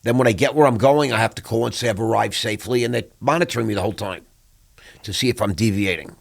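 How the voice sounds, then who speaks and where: A man hosting an interview, telling a personal story in a lively, animated way. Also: fairly low pitch, fast talker, gravelly. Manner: animated storyteller, acts out quoted voices. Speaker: podcast host.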